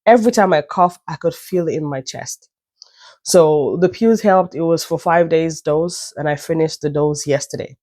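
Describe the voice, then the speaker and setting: A Nigerian woman vlogger tells a chatty, meandering story at home in a low, warm voice at normal speed, her nose stuffy and an occasional cough breaking through. She's self-deprecating and full of wandering asides in this casual storytelling vlog. The recording is dry and studio quality.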